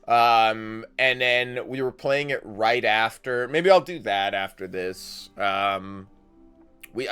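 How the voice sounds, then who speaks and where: A man's voice: lowish voice, pushed and bright, clean tone. A man streaming a game, chatting casually in a rambling way and swearing now and then. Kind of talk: casual gameplay commentary. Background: faint game music.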